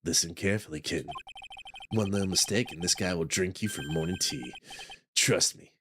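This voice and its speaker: A man voicing a cool, smooth-talking older male prosecutor in a game read-along, with a low, teasing drawl. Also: normal speed, fairly bright tone, a little hiss or hum.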